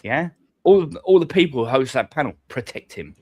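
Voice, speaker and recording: A man's voice: medium pitch, expressive, normal speed, darkish tone, no room sound. A man, talking on a live stream panel in a rambling, hesitant, sweary way. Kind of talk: casual stream chat.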